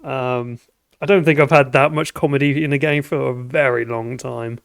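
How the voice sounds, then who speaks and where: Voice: mid-range voice, steady tone, moderate pace, vocal fry. A player in a tabletop game, chatting casually, swearing and laughing a lot.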